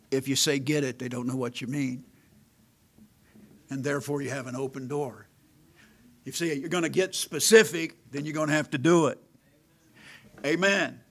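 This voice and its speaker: A middle-aged man preaching a sermon, calling for amens and moving between loud emphatic delivery and a hushed near-whisper. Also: medium pitch, steady tone, normal speed, long pauses, slight background noise, rough recording. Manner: calls out "amen" to the congregation. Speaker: pastor.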